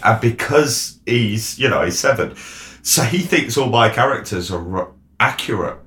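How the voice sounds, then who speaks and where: A man in his thirties chats casually as a podcast co-host. He tells jokey stories with a lively, low voice. The sound bounces around an echoey room. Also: normal speed. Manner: jokey storyteller, mimics voices. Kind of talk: casual chat.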